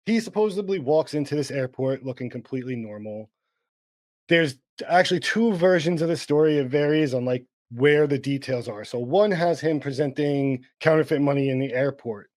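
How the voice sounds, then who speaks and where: A podcast co-host, a man, tells his story in a loose, rambling way, full of fillers and restarts. His voice sits at a middle pitch. The sound is dry and close, with no room around it. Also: normal speed, dry recording. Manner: relaxed, rambling with many fillers. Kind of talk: casual chat, storytelling.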